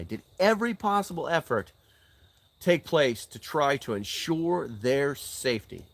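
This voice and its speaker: A man's voice: fairly high pitch, lively intonation, measured pace, dry recording. An older man hosting a casual live-stream chat outdoors by a fire. He is blunt and swears, and he drives his points with emphatic rhetorical questions. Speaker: channel host answering live chat.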